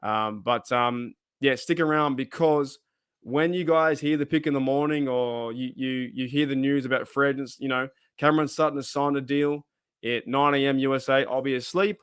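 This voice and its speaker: Talking casually to the camera as a sports YouTuber, this man rambles and thinks aloud, dropping in frequent asides. His mid-range voice is steady, moderately paced, a bit bright, clear and resonant. The recording is studio quality with no room sound.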